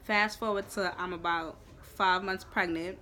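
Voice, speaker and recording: A young woman telling a storytime in a lively, profane, emphatic way. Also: lowish voice, a little slow. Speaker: vlogger. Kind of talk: storytime chat.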